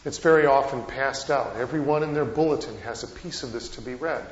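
In a church sanctuary, a male pastor preaches a sermon in a mid-range voice at a fairly quick pace, telling stories with rising and falling emphasis. The recording sounds echoey, dull and lo-fi.

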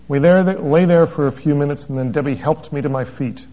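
A man's voice: a little high, a little fast, few pauses, warm tone. A man preaching as a pastor, reading a story aloud with wry asides and chuckles, on a dull lo-fi recording. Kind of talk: sermon with a read-aloud story.

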